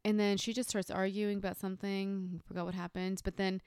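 A woman in her thirties co-hosting a casual podcast, telling a story and getting animated as it builds. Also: a little fast, smooth, dry recording, studio quality. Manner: animated storyteller, rises high when excited. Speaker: podcast co-host.

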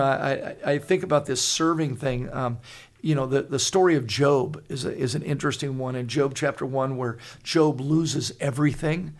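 A man in his sixties, co-host of a Christian talk show, telling stories in an earnest, halting way with many restarts. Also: fairly high pitch, creaky. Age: 60s. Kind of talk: conversational storytelling.

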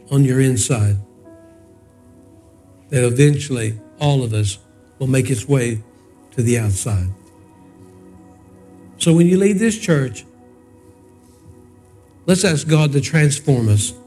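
Older male pastor, 60s, high-pitched and homespun, preaching over soft music. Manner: folksy, conversational storytelling. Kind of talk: sermon with storytelling and prayer.

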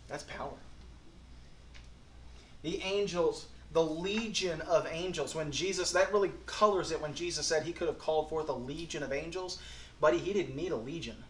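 A man's voice: a little high, moderate pace, a little hiss or hum. Folksy, earnest man preaching in an echoey hall. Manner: earnest, folksy, swings between quiet and emphatic. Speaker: pastor. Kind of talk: sermon.

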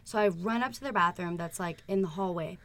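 A woman's voice: on the low side, brisk, fairly bright tone. Young woman telling a rambling, profane story. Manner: rambling, frank and profane, laughing through her story. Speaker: podcast co-host. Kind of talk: casual storytelling chat.

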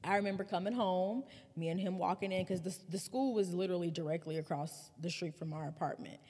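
A woman in her thirties hosting a podcast, telling a personal story in a candid, animated way. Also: fairly low pitch, brisk, breathy edge, long reverb tail. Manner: candid, animated retelling with laughs and swearing. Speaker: podcast host.

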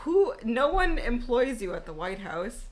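A woman in her late twenties chatting casually on a podcast. She is excitable and self-mocking, and she reads things aloud. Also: fairly high pitch, measured pace, a loud crowd, low-quality recording. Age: late 20s. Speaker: podcast co-host. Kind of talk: casual chat.

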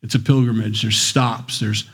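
A man's voice: on the low side, steady tone, moderate pace, fairly bright tone, slightly rough. A man preaching a sermon in a conversational way, with wry asides and little acted-out voices. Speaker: pastor. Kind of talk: sermon, Bible teaching.

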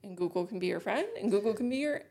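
A woman's voice: medium pitch, lively intonation, quick pace, darkish tone. A woman co-hosting a podcast, telling a personal story in blunt casual chat with lots of swearing. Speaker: podcast co-host.

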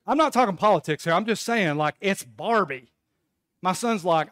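A man's voice: sits high, lively intonation, moderate pace, fairly bright tone, no room sound, clean studio sound. A man in his thirties, a pastor, preaching a sermon in a conversational storytelling way to his congregation.

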